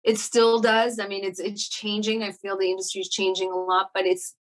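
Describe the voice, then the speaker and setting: A woman's voice: mid-range voice, level tone, fairly quick. A woman actor being interviewed, talking casually and reflectively, with many fillers and restarts. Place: Montreal.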